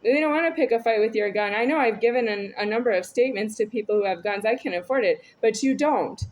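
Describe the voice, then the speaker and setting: A woman's voice: a little high, quick pace, a little mellow, low-quality recording. A woman talking in a rambling, disjointed monologue, repeating herself and stumbling through restarts.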